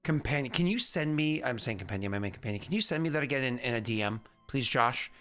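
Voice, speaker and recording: A man's voice: medium pitch, animated, quick pace, a bit bright. A man running a tabletop game as game master, chatty and rambling, with many fillers.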